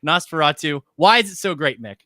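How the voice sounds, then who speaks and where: A man's voice: on the high side, animated, brisk, sharp tone, no echo, studio quality. A man hosting a podcast, teasing his co-host in playful, casual banter.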